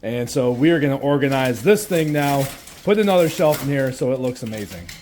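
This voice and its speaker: A man's voice: medium pitch, lively intonation, a little fast, a little mellow, slight background noise. Upbeat chatty man vlogging. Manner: upbeat, chatty, thinking aloud. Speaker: vlog host and short-term rental owner. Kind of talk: casual vlog talk to camera. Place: indoors in rental houses, moving around.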